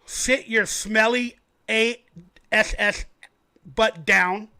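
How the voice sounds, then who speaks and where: A man voicing a mocking male rival football fan with sneering, drawn-out taunts. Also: sits high, fairly even intonation, sharp tone, full character voice.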